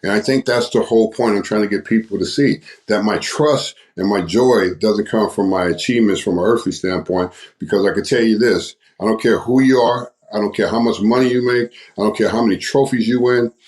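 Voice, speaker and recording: An older man with a very deep, low voice tells his story as a guest on a podcast. He talks like a preacher, repeating phrases for emphasis. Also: a little fast, darkish tone. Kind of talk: testimony in a podcast interview.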